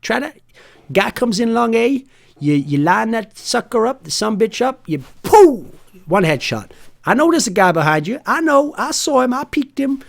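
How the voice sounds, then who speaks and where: A man putting on a shy young male pro gamer with a clumsy southern drawl, rambling and halting. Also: very high voice, very animated, vocal fry, voice pushed up, exaggerated voice. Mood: boastful.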